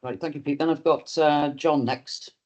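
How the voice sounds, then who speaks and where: A man with a Welsh accent chairing a council meeting, brisk and polite as he calls on speakers. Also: fairly high pitch, steady tone, a little mellow. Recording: dull lo-fi meeting room recording.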